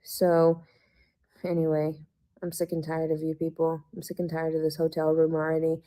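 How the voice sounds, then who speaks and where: A woman's voice: deep voice, completely flat delivery, moderate pace, warm tone. A woman ranting angrily in a hotel room, swearing heavily and sounding stuffy and unwell. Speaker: vlogger in a played video. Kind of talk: angry ranting monologue.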